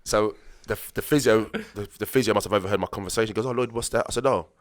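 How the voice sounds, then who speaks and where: A man's voice: fairly low pitch, very fast. A man in his late thirties, a former footballer and podcast guest, telling rambling stories in a casual way and acting out the dialogue he quotes. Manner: rambling anecdotes, restarts, acts out quoted dialogue. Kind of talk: casual conversational storytelling.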